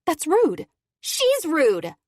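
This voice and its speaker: A woman voicing a shrill, furious teenage girl. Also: huge pitch swings, drawn-out words, no echo, studio quality, full character voice. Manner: sharp, snapping, accusing.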